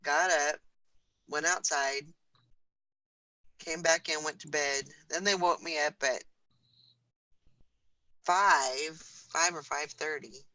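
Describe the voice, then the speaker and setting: A woman's voice: deep voice, slow, pauses often, sharp tone, no echo, poor audio. A woman over sixty, a grandmother, co-hosting a morning radio show in casual, sleepy chat. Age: older. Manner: sleepy, chatty, laughs easily.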